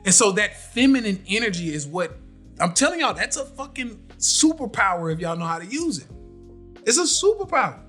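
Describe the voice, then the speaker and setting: A man's voice: high-pitched, fairly quick, faint music behind. A man hosting a live podcast, talking casually and animatedly, repeating himself to drive points home. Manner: animated, preachy, repeats phrases. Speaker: podcast host.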